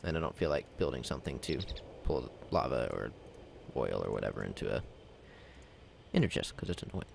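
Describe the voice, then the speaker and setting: A man with an extremely low, creaky voice talks briskly, his pitch swinging widely, with a little hiss or hum in the background. He's a let's play gamer giving casual commentary, rambling and poking fun at himself as he works through some crafting.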